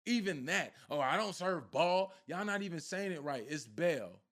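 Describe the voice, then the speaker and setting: On the high side and expressive, his voice has a sharp tone and a moderate pace. A spiritual content creator, he preaches casually at his viewers, addressing them head-on and often repeating himself to press his point.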